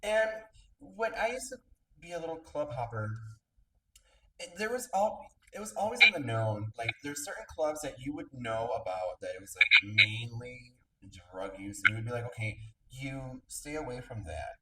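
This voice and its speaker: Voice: medium pitch, normal speed. A podcast host in casual interview chat, telling stories animatedly and acting out quotes. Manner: animated storytelling, acts out quotes. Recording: roomy, distant mic, noisy background.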